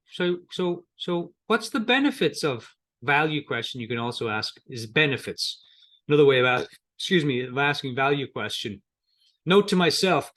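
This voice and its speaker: A middle-aged man's slightly high, fairly bright voice leads a coaching lesson. He keeps it conversational with repetitions and restarts, playing both coach and client in short snippets of dialogue.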